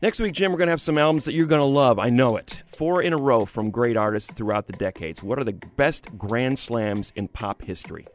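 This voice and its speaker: A man co-hosting a radio music-review show, who lays out his views in a measured, reflective way. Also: mid-range voice. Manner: measured and reflective, building his case step by step. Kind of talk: opinionated review talk. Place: radio studio. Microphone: close studio mic.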